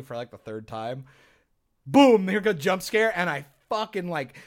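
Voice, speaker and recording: A man's voice: sits high, a little fast. A young man talks in a slightly raised voice, loose and casual. He swears freely and acts out his own reactions as he tells stories on a podcast. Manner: animated, profane storyteller who acts out his own reactions. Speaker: podcast co-host. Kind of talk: casual chat.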